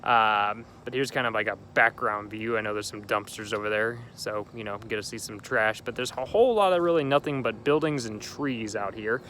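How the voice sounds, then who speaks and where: A man's voice: lowish voice, moderate pace, few pauses, pushed and bright, slight background noise. A young man hosting a gaming channel, talking casually and rambling cheerfully about a game while sitting outdoors at night. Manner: chatty, rambling and upbeat. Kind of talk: casual let's-play commentary.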